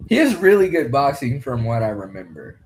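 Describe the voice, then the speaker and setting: A man's voice: medium pitch, sing-song, fairly quick, darkish tone. A young man hosting a casual fight commentary, rambling loosely and swearing now and then. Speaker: podcast host commentating a fight card.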